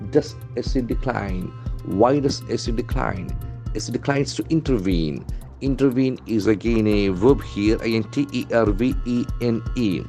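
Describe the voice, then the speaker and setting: A man's voice: mid-range voice, moderate pace, warm tone, faint music behind. A man teaching vocabulary from the news, spelling words letter by letter and repeating them. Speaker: English trainer. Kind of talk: newspaper vocabulary lesson.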